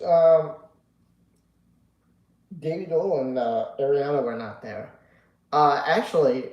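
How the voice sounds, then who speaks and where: A man's voice: fairly high pitch, darkish tone, echoey room, rough recording. Drowsy rambling man on a live stream. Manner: rambling, swears casually, many fillers. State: sleepy, yawning. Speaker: livestream host reading chat. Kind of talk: casual live-stream chat.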